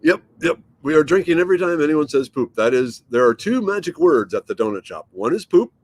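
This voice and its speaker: A man's voice: a little high, animated, brisk, darkish tone. A man hosting a casual livestream, reading viewer comments aloud and rambling easily from home. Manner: rambling, easygoing, thinks aloud with fillers. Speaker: livestream host.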